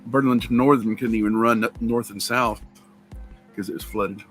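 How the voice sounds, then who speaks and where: A man's voice: fairly low pitch, steady tone, normal speed. Man, rambling, chuckling storyteller, faint music behind. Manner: rambling storyteller, laughs at his own stories. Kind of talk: casual chat.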